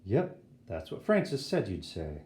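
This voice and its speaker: A man voicing a brash, excitable schoolboy who talks in indignant, dramatic bursts. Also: lowish voice, measured pace, voice pushed down. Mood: cocky. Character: brash, excitable eleven-year-old boy. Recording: roomy echo.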